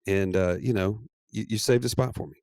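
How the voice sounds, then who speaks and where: Gravelly, animated male podcast co-host. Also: lowish voice, a little fast, no echo, studio quality. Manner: animated, playful, laughs often. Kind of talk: casual storytelling chat.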